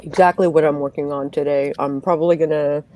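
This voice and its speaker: Low-voiced woman with a dark tone. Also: steady tone, fairly quick. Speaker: guest author and graphic designer. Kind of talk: casual chat on a livestream.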